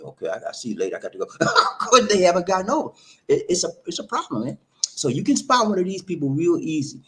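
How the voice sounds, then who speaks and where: A man's voice: high-pitched, fast. A man giving casual, preachy relationship advice, repeating himself and often calling the listener "man". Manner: animated, repetitive, preachy, says "man" often. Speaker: relationship talk host. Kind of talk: casual monologue to camera.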